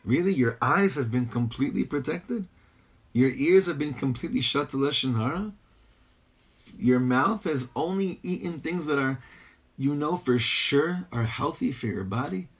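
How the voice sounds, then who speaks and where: A man's voice: on the high side, animated, moderate pace, breathy edge. A man teaching a Torah text, pressing his points with rhetorical questions and mixing Hebrew and Yiddish phrases into his English. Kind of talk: text-based lecture.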